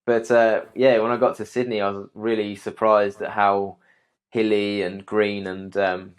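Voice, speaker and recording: A young man talks in a loose, easygoing way, often pausing on ums and restarting his sentences. His voice sits a little low. He sounds like a guest answering questions on a chat show. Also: clean tone. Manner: relaxed, many ums and restarts. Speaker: guest, arborist. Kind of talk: casual interview answers.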